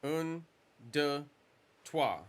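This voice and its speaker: A man's voice: fairly high pitch, drawn-out words, clean tone. A man chatting casually and joking with his viewers while he plays a video game live, rambling from one silly aside to the next. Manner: joking, rambling, chuckles at own jokes. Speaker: streamer. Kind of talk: casual live-stream chat while gaming. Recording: game music behind the voice.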